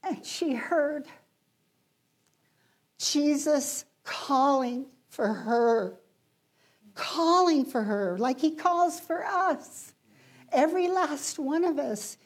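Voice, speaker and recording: Slow, emphatic woman preacher. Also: high voice, lively intonation. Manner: slow, emphatic, swelling then dropping to hushed lines. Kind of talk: sermon.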